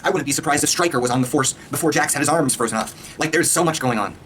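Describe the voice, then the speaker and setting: A man reviewing a trailer in a casual, excitable rant, swearing freely and firing off points at speed. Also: fairly high pitch, a little hiss or hum. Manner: excitable, profane, rapid-fire ranting. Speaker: video reviewer.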